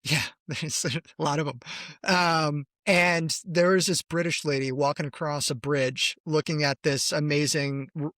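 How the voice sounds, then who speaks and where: A man's voice: on the high side, fairly even intonation, unhurried, a bit bright, dry recording, studio quality. A man co-hosting a podcast in casual chat, talkative and giggly, often trailing off mid-thought. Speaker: podcast co-host.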